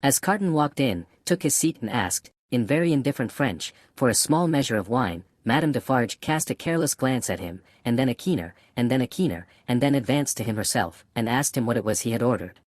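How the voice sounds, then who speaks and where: Narrador masculino de audiolibro, lectura pausada, voz de tono medio y sonido seco y cercano. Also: male voice, medium pitch, lively intonation, no echo, studio quality. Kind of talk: scripted narration.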